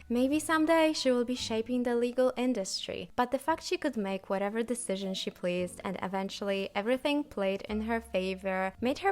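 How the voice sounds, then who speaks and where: A woman vlogger recapping a TV episode in scripted commentary, with a playful, wry and sarcastic manner. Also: mid-range voice.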